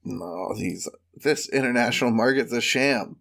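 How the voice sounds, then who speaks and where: A man's voice: mid-range voice, unhurried, vocal fry, fairly bright tone. A man co-hosting a casual comedy podcast, riffing with silly, exaggerated jokes. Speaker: podcast co-host.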